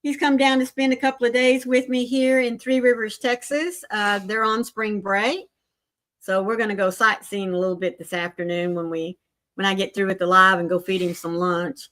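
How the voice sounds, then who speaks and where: An older woman hosting a casual crochet livestream, chatting warmly with viewers and greeting them by name. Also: medium pitch, steady tone, moderate pace.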